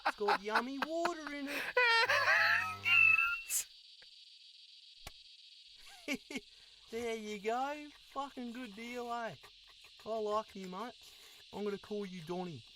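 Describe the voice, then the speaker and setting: A man's voice: moderate pace, slight background noise. Man voicing sweary Aussie sasquatch, Sassy. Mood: eager. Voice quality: sweary, excitable, squeaky. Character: crude friendly Aussie male sasquatch. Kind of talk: cartoon voice acting.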